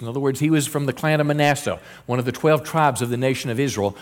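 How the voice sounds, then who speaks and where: A man's voice: a little high, quick pace, hardly any pauses. A middle-aged male pastor preaching a sermon in an earnest style, quoting scripture and often restarting his words.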